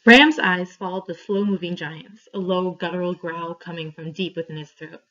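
Teacher lady reading a story out loud to the class, lowish voice, muffled lo-fi recording. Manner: clear, steady reading with pauses for questions. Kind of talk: read-aloud story for a class. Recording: dull lo-fi recording.

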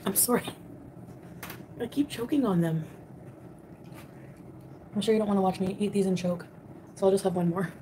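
Woman, young adult, livestream host, casual eating chat, mellow tone, talks between bites, faint background noise. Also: mid-range voice, a little fast, pauses often, low-quality recording. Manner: chatty, greets viewers by name, talks with mouth full.

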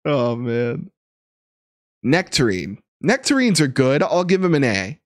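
A young man chatting on a live stream, his pitch bouncing up and down as he talks. The sound is close and dry, with no room around it. He laughs often and reads viewers' messages aloud. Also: slow pace, pauses often, no room sound. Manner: chatty and laughing, animated, reading chat aloud. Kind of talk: casual live-stream chat.

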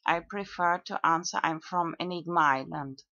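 A woman video blogger talking through her own comments in a monologue, with frequent pauses and fillers. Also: on the low side, sharp tone, no room sound. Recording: dull lo-fi dry recording.

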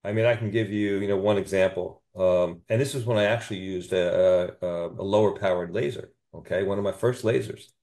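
Low, gravelly-voiced man telling a story. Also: fairly even intonation, brisk, few pauses, darkish tone. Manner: enthusiastic, peppers speech with "you know" and "okay?". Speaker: chiropractor guest. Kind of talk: storytelling in a podcast interview.

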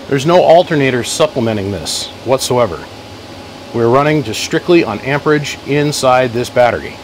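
A man talking loudly in his workshop, running a live-stream battery test, calling out "one, two" mic checks and greeting viewers by name. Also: medium pitch, lively intonation, a little fast, a little hiss or hum, poor audio. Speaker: host testing a car-audio battery. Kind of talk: casual live-stream demo. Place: workshop garage. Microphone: phone mic for live feed plus chest mic.

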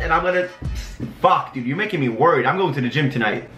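A man's voice: on the high side, lively intonation, fast talker, pushed and bright, echoey room, soft background music. A young man from Sweden with a Swedish accent, answering fan questions in a loose, joking way and swearing freely. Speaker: YouTuber. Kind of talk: casual Q&A vlog.

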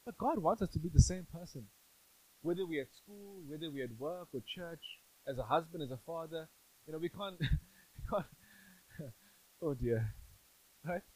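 A man's voice: a little high, lively intonation, normal speed, pauses often, darkish tone, husky, poor audio. A male pastor giving a sermon in a church, conversational and playful, often asking the congregation questions.

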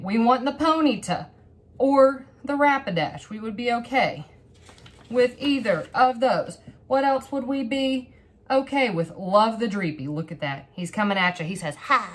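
A woman hosting her own channel, opening trading cards in a bubbly, excitable, rambling way. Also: on the high side, unhurried. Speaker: host of a card-opening channel. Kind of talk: casual card-opening vlog.

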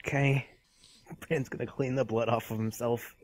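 A man playing a tabletop game, wry and quick to laugh. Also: mid-range voice, fairly even intonation, a little mellow. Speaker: player. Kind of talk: casual tabletop play.

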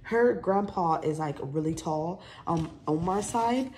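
Chatty young mom, lowish voice, noisy room. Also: female voice, takes it slowly, darkish tone. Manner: chatty, rambling, many fillers. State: congested. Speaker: vlogger. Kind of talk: casual haul chat. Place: home. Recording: noisy home recording.

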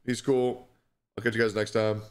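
Young male streamer, lowish voice, distressed, halting, apologetic, swears a lot. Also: level tone. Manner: halting, stumbling over repeated words. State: distressed and stressed. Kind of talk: live stream talk.

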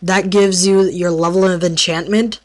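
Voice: medium pitch, flat delivery, normal speed. Stumbling, playful game tutorial narrator. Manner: stumbles over words while explaining; playful trash talk at mobs. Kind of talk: casual gameplay commentary.

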